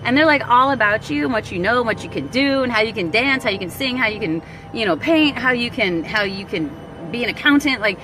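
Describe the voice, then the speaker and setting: A woman talking casually to viewers on a live stream, animated and slangy, acting out what people said and laughing often. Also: fairly high pitch, a little fast, few pauses, noisy background. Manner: animated, slangy, laughs a lot, acts out quotes. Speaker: online business vlogger.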